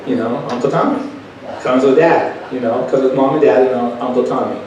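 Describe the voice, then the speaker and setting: A man's voice: mid-range voice, steady tone, brisk, a little mellow, muffled recording, slight background noise. A middle-aged man preaching a sermon, telling personal stories in a folksy, conversational way and asking the crowd questions. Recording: echoey hall, taken from far off.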